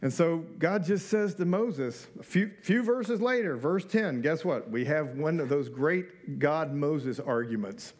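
A man's voice: on the high side, animated, measured pace, hardly any pauses, darkish tone. A middle-aged man preaching a sermon in a conversational way, with rhetorical questions and joking asides. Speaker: pastor.

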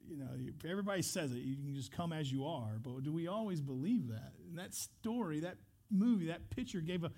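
A man's voice: a little high, lively intonation, a little fast, hardly any pauses, warm tone. A man pastor leading a church service, telling a story and praying in an earnest, conversational way with restarts. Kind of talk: church service talk and prayer.

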